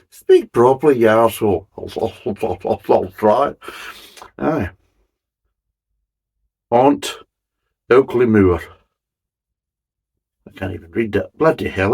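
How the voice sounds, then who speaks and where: A man's voice: on the low side, darkish tone. A man hosting a casual beer review, grumbling and swearing between jokey asides as he reads the label.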